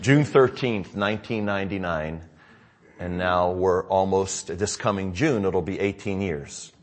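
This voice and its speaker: Unhurried and low-pitched, a middle-aged American pastor delivers a sermon update to his congregation, telling stories loosely and conversationally with frequent asides.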